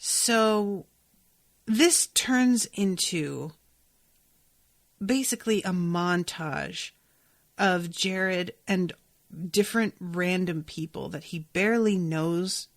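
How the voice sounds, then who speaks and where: Woman podcast host reacting to a book, low voice, slow and casual, swears a bit. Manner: candid, casual, swears, trails off with fillers. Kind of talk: reading a novel aloud and reacting.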